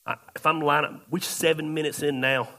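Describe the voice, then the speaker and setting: A man pastor, telling a story in a sermon, shifting between loud outbursts and quiet asides. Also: on the high side, steady tone, moderate pace, vocal fry.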